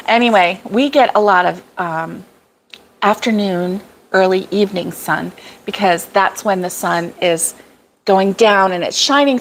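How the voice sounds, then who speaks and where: A woman's voice: medium pitch, a little hiss or hum, low-quality recording. A middle-aged woman hosting a casual live stream from a cabin, chatty, laughing often and reading viewer comments aloud. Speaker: crochet vlog host. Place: cabin in the woods.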